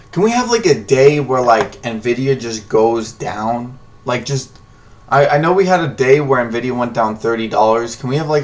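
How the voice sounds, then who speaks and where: A man's voice: mid-range voice, creaky, slight background noise. A man hosting a live stock trading stream, joking loosely and thinking aloud as he reads the charts. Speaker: stock trading livestream host. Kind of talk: casual live trading commentary.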